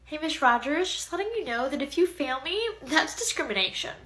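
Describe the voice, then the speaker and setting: A woman's voice: high-pitched, expressive, brisk, noisy background. Woman doing a whiny, entitled teen student. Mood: insistent. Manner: whiny, insistent.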